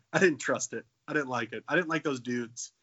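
Bright-voiced man in his twenties, joking. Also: mid-range voice, normal speed, slightly rough, highs cut off. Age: 20s. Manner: jokey, profane, playful. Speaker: podcast co-host. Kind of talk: casual comedic chat.

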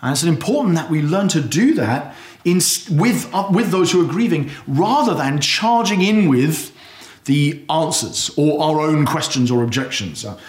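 A man preaching a sermon, earnest and conversational, acting out anguished prayers loudly. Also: fairly high pitch, expressive, normal speed. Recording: echoey hall.

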